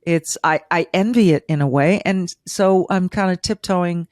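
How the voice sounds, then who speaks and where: A woman's voice: lowish voice, moderate pace, a little mellow, no echo. A middle-aged woman hosting a podcast interview, emotional and rambling, with many restarts. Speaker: podcast host.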